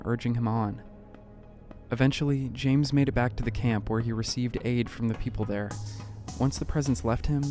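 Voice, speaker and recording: A man narrates a mystery documentary in a measured, suspenseful way, his voice sitting in an ordinary middle pitch. Faint music plays underneath. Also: warm tone. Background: faint background music.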